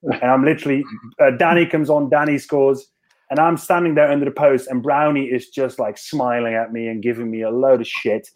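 A man's voice: medium pitch, fairly even intonation, fairly quick. A rugby player on a podcast, telling a story in casual chat with many restarts and fillers and laughing as he goes.

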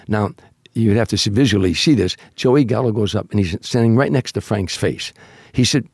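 An older comedian talks in a low, husky voice as he tells his story. He slips into the voices of the people in it, and the sound is close and dry, with no room around it. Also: normal speed, hardly any pauses, dry recording. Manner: animated storyteller, acting out quoted voices. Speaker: comedian guest telling stories. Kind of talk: casual storytelling.

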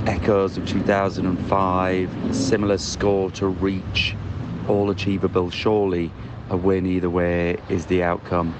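A man with a very low voice sends a wry, measured voice note from a city square. Traffic and street noise sit clearly behind him in this outdoor phone recording. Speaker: podcast co-host.

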